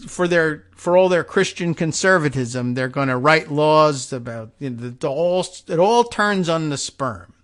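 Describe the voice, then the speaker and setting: A male podcast host giving political commentary in a sarcastic, rambling way. He keeps restarting his sentences as he works through a point. His voice sits slightly high for a man. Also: a bit bright. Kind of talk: political commentary talk show.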